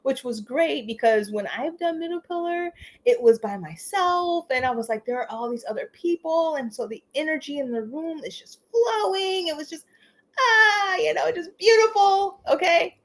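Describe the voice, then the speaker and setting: Chatty, animated woman live-streaming. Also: high voice, normal speed. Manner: animated, chatty, laughs often, says "you know" and "okay?" a lot. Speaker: livestream host. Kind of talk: casual livestream chat.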